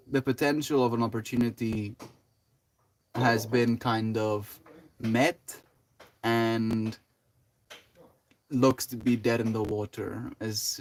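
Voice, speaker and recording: A man's voice: mid-range voice, a little mellow. A young man chatting casually on a livestream, greeting chat by name and rambling loosely with many fillers and "dude" and "bro". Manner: rambling, laid-back, full of "like", "you know" and "dude".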